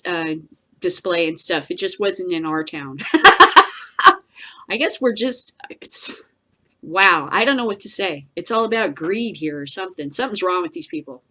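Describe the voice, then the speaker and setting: A woman's voice: lowish voice, lively intonation, moderate pace, a bit bright. A middle-aged woman hosting her own news vlog, ranting casually, swearing and laughing often. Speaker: host of a daily news vlog. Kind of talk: casual profane rant.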